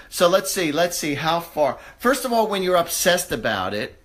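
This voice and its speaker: A man with a fairly high voice hosts a live psychic reading. He searches for his words with frequent fillers and restarts. He sounds upbeat and reassuring as he talks to viewers. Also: animated, normal speed, a bit bright. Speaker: psychic medium host.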